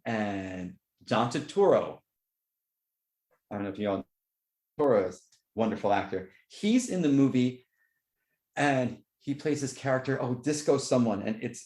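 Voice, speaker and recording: Recorded in a room with noticeable echo, an excitable man hosts a podcast, chatting casually. He tells rambling stories, his pitch leaping around animatedly.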